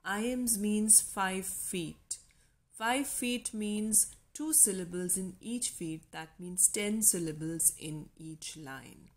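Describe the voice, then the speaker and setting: A woman with an Indian English accent giving a recorded literature lecture, slowly sounding out stressed and unstressed syllables. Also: mid-range voice. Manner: slow, deliberate, stresses syllables aloud.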